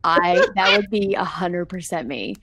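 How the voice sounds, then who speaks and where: A woman's voice: lowish voice, unhurried, noisy background. A woman co-hosting a podcast, chatting casually about a movie and acting out quotes. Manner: animated, acts out quotes, chatty. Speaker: podcast co-host.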